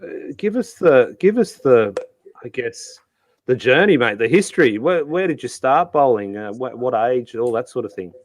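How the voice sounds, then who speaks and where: A man's voice: mid-range voice, lively intonation, moderate pace, no room sound, clean studio sound. An Australian man hosting a live-streamed interview show, chatty, with many fillers and restarts. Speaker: host.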